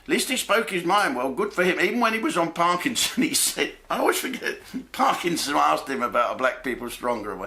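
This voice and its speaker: A man's voice: a little high, sing-song, a little fast, pushed and bright. A man, doing a blokey, jokey comic monologue full of swearing and asides. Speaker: comedian host.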